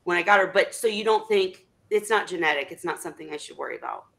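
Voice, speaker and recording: Female host, lower-pitched voice, rambling and animated, video-call audio. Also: quick pace, gravelly. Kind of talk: casual video chat.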